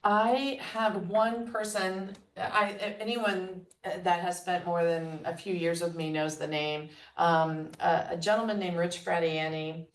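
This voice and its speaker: A woman with a slightly low voice tells lively stories and acts out the lines of the people in them. Her voice sits a little back from the mic in an echoey room. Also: measured pace, hardly any pauses. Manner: animated storyteller, quotes others with laughs. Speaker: guest entrepreneur. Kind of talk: conversational storytelling. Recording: roomy sound, mic at a distance.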